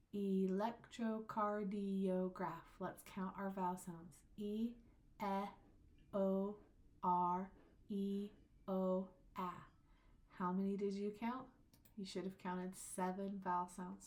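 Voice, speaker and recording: A woman's voice: mid-range voice, a little mellow. Patient woman instructor lecturing. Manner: slow, drawn-out example words; explanatory and patient. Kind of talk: recorded lecture.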